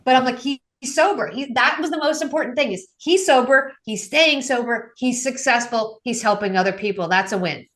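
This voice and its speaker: A woman's voice: brisk, hardly any pauses. A woman, a guest addiction coach, telling stories in a casual interview and acting out the people she quotes. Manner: lively, acts out quotes with raised pitch. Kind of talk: animated storytelling in casual interview.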